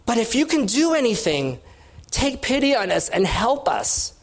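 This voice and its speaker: A woman's voice: a little high, sing-song, moderate pace. A woman reading the lines of a desperate father pleading for help for his son.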